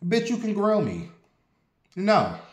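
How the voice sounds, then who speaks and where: A man's voice: high-pitched, slow pace. Blunt, sassy man in his forties. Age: 40s. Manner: blunt, sassy, profane, animated. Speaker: vlogger. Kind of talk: casual storytelling monologue. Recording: roomy echo.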